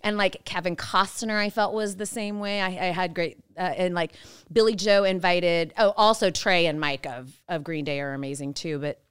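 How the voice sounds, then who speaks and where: Chatty woman with a smooth, low voice. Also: steady tone, normal speed, a bit bright. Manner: chatty storyteller, lots of "like" fillers. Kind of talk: casual chat.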